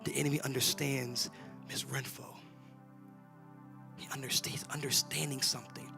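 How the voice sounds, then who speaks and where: A man preaching a sermon in a church, talking in a loose, colloquial way and swinging between shouts and whispers. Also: medium pitch, flat delivery, moderate pace, gravelly, music in the background. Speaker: pastor. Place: church sanctuary.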